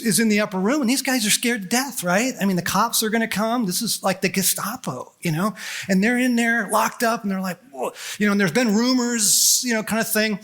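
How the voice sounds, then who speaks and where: High, bright-voiced animated preacher man. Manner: animated and joking, acting out quotes. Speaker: conference speaker. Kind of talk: storytelling sermon.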